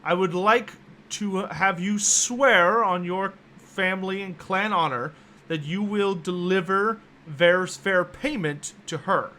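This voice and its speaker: A man voicing a courteous, soft-spoken gentleman scholar in a tabletop game, speaking formally and a little hesitantly. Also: high-pitched, slow pace, exaggerated voice. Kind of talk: tabletop game role-play.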